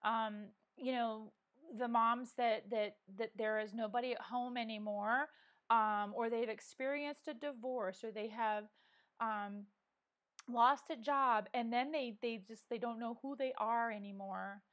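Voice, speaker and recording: Woman, middle-aged, vlog host, casual live chat, slightly high voice, earnest, halting restarts, ums, clip-on mic, at home. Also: fairly even intonation, a bit bright. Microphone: wearing a microphone.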